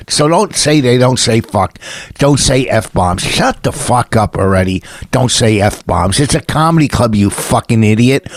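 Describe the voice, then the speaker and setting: A man's voice: medium pitch, dry recording, clean studio sound. A male comedian co-hosting a podcast, ranting with lots of swearing and acting out what other people said. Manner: ranting, profane and indignant; acts out quotes of other people. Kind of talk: casual podcast chat.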